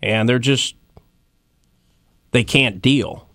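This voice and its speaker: A man's voice: mid-range voice, steady tone, very slow, pushed and bright, no echo, studio quality. A man in his thirties hosting a casual comedy chat about odd news stories, joking and rambling with fillers and asides. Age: 30s. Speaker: host.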